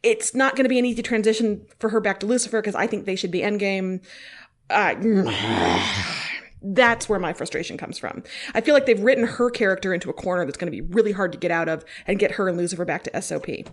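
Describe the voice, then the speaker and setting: Chatty, animated woman reviewing TV. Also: mid-range voice, a little fast. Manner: animated, chatty, frequent restarts and laughs. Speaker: podcast co-host. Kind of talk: casual TV review chat.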